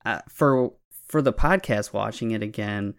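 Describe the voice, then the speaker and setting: A man's voice: fairly low pitch, a little slow, vocal fry, clean tone. A man co-hosting a podcast, musing about a film in long, winding sentences full of "kind of" and "like". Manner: rambling, lots of "kind of" and "like". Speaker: podcast co-host. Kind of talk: casual film discussion.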